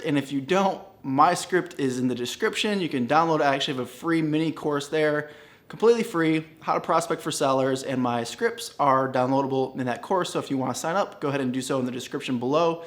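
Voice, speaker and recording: Man, sales coach, fairly high voice, upbeat, smiling, energetic, teaching to camera. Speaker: real estate sales coach. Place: standing in a room.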